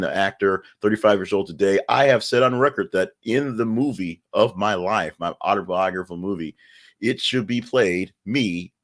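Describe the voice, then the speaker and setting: A low-voiced man hosting a casual news podcast. He talks in a chatty, wry way and drifts into offhand asides. He often restarts his sentences midway. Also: fairly bright tone. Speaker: podcast host.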